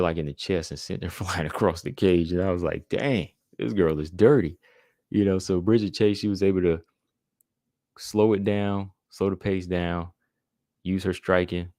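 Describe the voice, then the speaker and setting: A man's voice: low-pitched, a little mellow, dry recording, studio quality. A man hosting a podcast, giving a laid-back casual recap of fights and often filling his talk with "man" and "you know". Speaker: podcast host.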